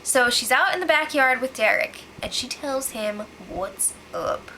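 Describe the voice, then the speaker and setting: Bright high-voiced woman recapping excitedly. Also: unhurried, a little hiss or hum, poor audio. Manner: animated, exclaiming, acts out quotes. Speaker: show recap host. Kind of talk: casual spoiler recap chat.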